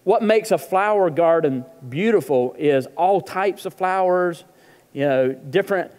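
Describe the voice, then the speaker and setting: A man's voice: high voice, darkish tone, big-room sound. A male pastor preaching a humorous, conversational sermon in a church. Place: church auditorium.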